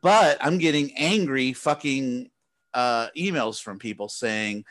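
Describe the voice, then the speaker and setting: A man's voice: medium pitch, animated, slow. Ranting man on a casual podcast. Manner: profane ranting, mimics others in quotes. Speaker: podcast co-host. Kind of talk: casual chat.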